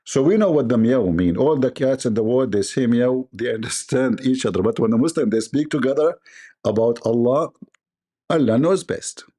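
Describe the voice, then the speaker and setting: A livestream host with a mid-range, warm voice at normal speed offers sarcastic, mocking commentary, laughing often and mimicking voices.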